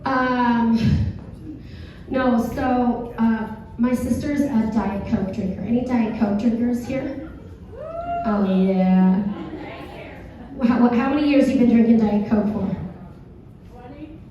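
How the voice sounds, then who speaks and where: A hoarse woman comedian doing a stand-up set, talking with the crowd in a self-deprecating, conversational way. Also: on the high side, slow, pauses often, dark tone. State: hoarse, dry throat. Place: theater stage. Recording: echoey theater, far from mic, dull.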